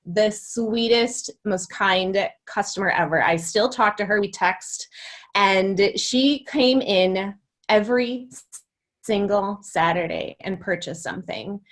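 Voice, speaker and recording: A woman's voice: medium pitch, slow. A woman in her thirties, a guest on a podcast, talking casually and chattily with lots of filler words. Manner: chatty, uses many fillers like "like". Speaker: podcast guest, former boutique owner. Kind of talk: casual interview conversation.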